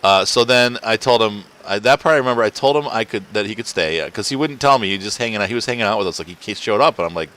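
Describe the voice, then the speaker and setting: A man's voice: on the low side, quick pace, few pauses, a bit bright. A man hosting a casual let's-play, rambling and chatty and laughing often as he plays at home. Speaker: gaming channel host. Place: home, indoors.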